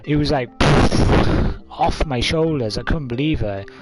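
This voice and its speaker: A twenty-five-year-old man tells a story casually to camera, rambling with many fillers, coughs, and laughs. His voice is medium-pitched at a normal speed, with soft music in the background.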